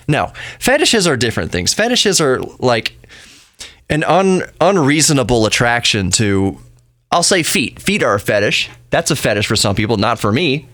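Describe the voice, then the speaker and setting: A man hosts a podcast in a casual, opinionated monologue. He rambles and breaks into his own sentences with chatty asides. His voice sits at an everyday middle pitch and sounds dry, with no room around it. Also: big pitch swings, moderate pace, fairly bright tone, no echo. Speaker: podcast host.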